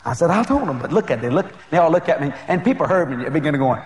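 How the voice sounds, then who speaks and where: Animated storytelling male preacher. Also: on the high side, rapid-fire, slight background noise. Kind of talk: sermon storytelling.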